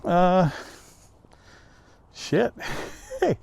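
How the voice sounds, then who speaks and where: A man's voice: high voice, expressive, very slow, vocal fry, darkish tone. A man from the US East Coast vlogging on a forest trail, talking casually, laughing and swearing, out of breath from climbing, recorded on a handheld camera outdoors. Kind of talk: casual vlog narration while hiking. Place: wooded ravine trail outdoors.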